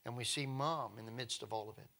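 A male preacher giving a sermon as animated storytelling, swinging from hushed to loud and often repeating words. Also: medium pitch, fast talker, gravelly.

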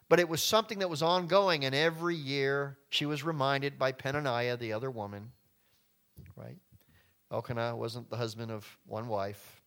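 Bright, bouncy-voiced male preacher. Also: fairly high pitch. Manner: conversational preaching, acts out voices. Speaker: pastor. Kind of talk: sermon.

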